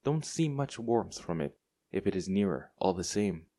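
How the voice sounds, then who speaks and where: A man's voice: sits low, lively intonation, normal speed, mellow. A man voicing a lonely tramp on a cold winter night, muttering and grumbling to himself.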